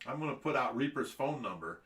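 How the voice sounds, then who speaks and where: A man's voice: medium pitch, expressive, fairly quick, fairly bright tone, roomy sound. A middle-aged man hosting a casual livestream, rambling and laughing often. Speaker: host.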